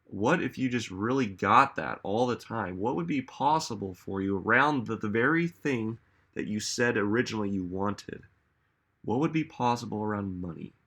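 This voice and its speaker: Bright-toned man asking rhetorical questions. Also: fairly low pitch, expressive, normal speed, slightly rough. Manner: musing, asks many rhetorical questions. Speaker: self-help speaker. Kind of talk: reflective motivational talk.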